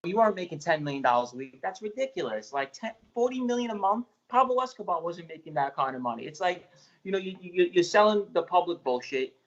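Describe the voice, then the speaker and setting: A man talks quickly and bluntly in a played podcast clip, stumbling and restarting as he goes. His voice sits fairly high, and the sound is a little dull. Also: lively intonation. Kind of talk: casual chat.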